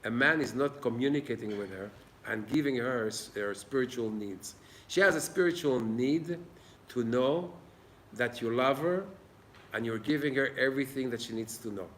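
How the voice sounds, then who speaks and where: In an old synagogue, a man who teaches Torah gives an informal class, earnest and plain-spoken, acting out little dialogues. His voice is mid-range at a moderate pace, with slight background noise.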